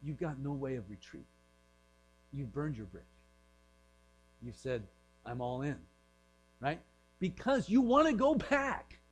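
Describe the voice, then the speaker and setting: A pastor giving a casual, joking sermon, dropping into quiet acted-out voices now and then, over a faint mains hum. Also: male voice, sits high, low-quality recording. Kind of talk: conversational sermon.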